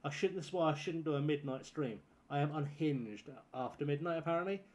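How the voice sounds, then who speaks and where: A man's voice: fairly high pitch, a little fast, darkish tone. A man on a casual live stream, rambling and joking, swearing freely as he plays.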